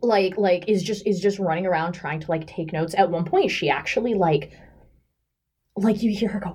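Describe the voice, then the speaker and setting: A woman's voice: lowish voice, moderate pace, a little mellow, slightly rough. A woman playing a tabletop role-playing game, describing her character with many fillers and restarts. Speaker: player.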